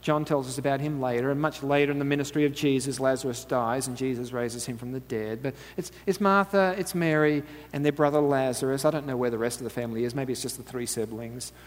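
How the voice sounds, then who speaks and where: A man delivers a relaxed, conversational sermon, mixing storytelling with light asides and frequent chuckles. He keeps drawing the audience in with quick questions. The sound has a long reverb, like a large church hall. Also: mid-range voice. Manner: chatty, asks the audience "right?", laughs often. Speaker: preacher.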